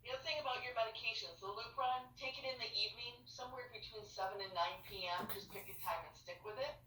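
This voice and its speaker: Bright-voiced nurse walking through a schedule. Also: female voice, on the high side, fast, roomy sound, distant mic, slight background noise, poor audio. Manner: patient, step-by-step, checks understanding with "okay?". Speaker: fertility nurse. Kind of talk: explaining a medication calendar. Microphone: video call.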